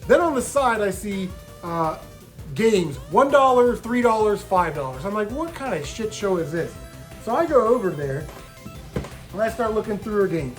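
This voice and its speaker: A man's voice: sits high, animated, normal speed, soft background music. A man casually telling stories from his video game hunting trip, swearing freely and mimicking the people he bargained with. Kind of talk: casual storytelling vlog.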